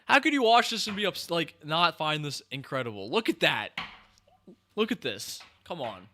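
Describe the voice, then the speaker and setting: A young man with a bright, forceful voice gives casual running commentary on a film he is watching. He is excitable and keeps exclaiming and talking back at the screen. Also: fairly high pitch, moderate pace, a little hiss or hum. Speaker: podcast host. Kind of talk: casual movie reaction commentary.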